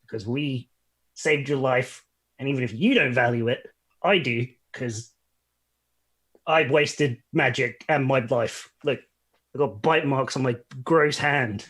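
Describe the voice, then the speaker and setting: A man's voice: mid-range voice, a little slow, a bit bright. A man playing a tabletop game, talking in a sarcastic, wisecracking way. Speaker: player. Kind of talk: casual tabletop game play.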